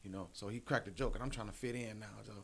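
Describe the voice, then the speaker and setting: Male comedian guest, casual animated storyteller, does the voices of people in his stories. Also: on the low side, quick pace, a little hiss or hum. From Detroit. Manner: animated, acts out quotes in raised voice.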